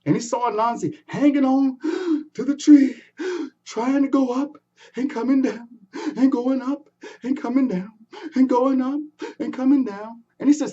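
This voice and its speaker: A man performs a folktale with animated delivery, adding sound effects and inviting the audience to join in. His voice sits fairly high and swoops widely, with a husky, mellow tone. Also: moderate pace, dull audio. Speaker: storyteller.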